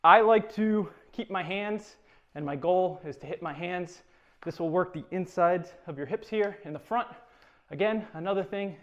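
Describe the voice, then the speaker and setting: A man's voice: fairly high pitch, highs cut off. Chatty, winded man coaching a workout. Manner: chatty, encouraging, self-deprecating. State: out of breath. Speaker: fitness instructor. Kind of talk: talking through a home workout.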